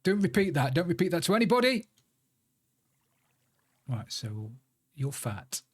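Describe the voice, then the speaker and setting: A man's voice: fairly high pitch, sing-song, unhurried. A man streaming a building game, muttering to himself as he works and chatting in asides. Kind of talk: casual live-stream chat while playing.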